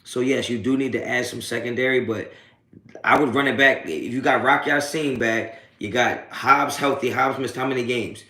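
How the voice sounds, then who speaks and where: Man, sports stream host, gravelly voice, roomy echo, profane streetwise trash talk. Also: medium pitch, fairly even intonation, normal speed, sharp tone. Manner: taunting, laughing off trolls. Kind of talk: live post-game reaction stream, reading chat.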